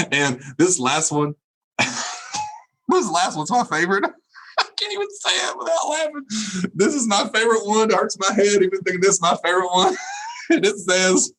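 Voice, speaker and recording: Middle-aged man, keynote speaker. Husky, lively delivery, a bit high. Laughs at his own jokes and repeats words for punch. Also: measured pace, pauses often, rough recording. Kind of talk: humorous keynote speech.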